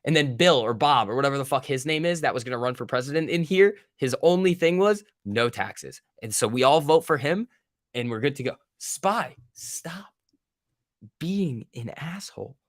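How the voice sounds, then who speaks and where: A man's voice: mid-range voice, expressive, a little fast, no room sound, studio quality. A man hosting a live day-trading stream, giving casual, profane, joking commentary and bantering with his chat. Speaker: day trading livestream host.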